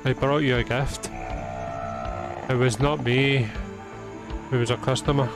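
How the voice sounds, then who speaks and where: A man's voice: medium pitch, steady tone, unhurried, over music. A young man giving profane, exasperated commentary while playing a video game. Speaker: gaming channel host. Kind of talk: let's play commentary.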